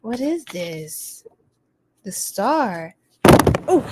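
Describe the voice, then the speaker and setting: A woman's voice: medium pitch, very slow, long pauses, breathy edge. A woman hosting a live tarot reading for her stream, chatty and sassy, greeting viewers by name and exclaiming at the cards. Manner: animated, exclaims often.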